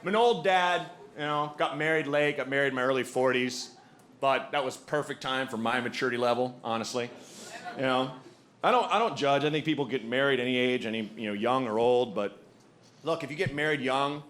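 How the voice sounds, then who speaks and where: A man in his forties doing a stand-up comedy set, telling animated stories, acting out voices and swearing freely. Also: medium pitch, fairly quick. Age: 40s. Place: comedy club stage. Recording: live club recording with audience noise. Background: audience laughter.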